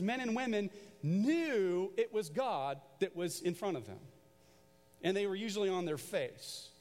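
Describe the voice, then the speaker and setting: Man, pastor, sermon, high-pitched, conversational, long reverb. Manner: animated, conversational preaching with call-and-response. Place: large church auditorium.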